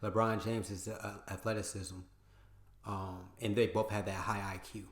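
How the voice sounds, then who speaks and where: A man's voice: lowish voice, flat delivery, normal speed. Slangy man reacting in an echoey room. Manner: casual and slangy, repeats lines for emphasis. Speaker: reaction video host. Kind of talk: casual commentary. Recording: roomy echo.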